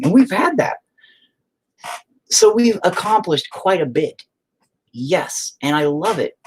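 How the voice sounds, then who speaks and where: A man's voice: medium pitch, a little hiss or hum. A middle-aged man, a musician, talking frankly to his stream chat in a rambling, heavily profane way. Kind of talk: casual confessional livestream monologue.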